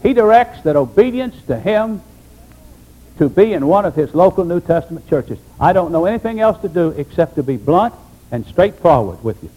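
A man pastor preaching an emphatic sermon, dropping low for solemn points. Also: very animated, moderate pace, mellow, low-quality recording.

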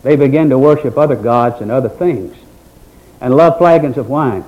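A man preaching a sermon in a folksy, dramatic manner, with mocking asides in a quiet voice. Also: mid-range voice, animated, moderate pace. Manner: folksy Southern-style preaching with dramatic swings in volume. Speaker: pastor. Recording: dull lo-fi recording.

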